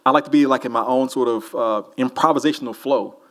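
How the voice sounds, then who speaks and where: An author from New Orleans answers audience questions in a festival hall before a live crowd. His medium-pitched voice is fairly bright and he talks fast, keeping the casual Q&A loose, rambling and full of jokes.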